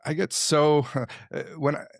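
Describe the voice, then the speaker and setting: A man's voice: on the high side, steady tone, takes it slowly, vocal fry, no echo, studio quality. A man hosting a podcast who speaks reflectively and candidly, often poking fun at himself. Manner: candid, self-deprecating, thoughtful. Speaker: podcast host. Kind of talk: reflective conversational talk.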